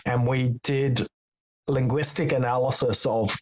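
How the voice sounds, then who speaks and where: A man being interviewed as a guest, speaking in a measured, explanatory way and telling stories with quoted dialogue. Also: medium pitch, steady tone, darkish tone, low-quality recording. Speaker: podcast guest, author on listening. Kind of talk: interview conversation.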